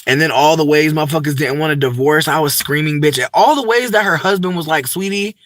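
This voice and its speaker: A man's voice: a little high, fast, fairly bright tone, dry recording. Campy, chatty young man. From United States. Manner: profane, campy, chatty, with frequent asides. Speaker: vlogger. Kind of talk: casual unscripted monologue.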